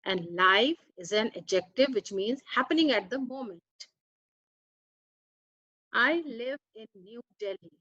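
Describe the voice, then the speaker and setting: A woman with a high-leaning, somewhat bright, slightly rough voice and lively intonation teaches a slow English grammar lesson, carefully reading words and their meanings in turn. The audio has no echo and sounds dull.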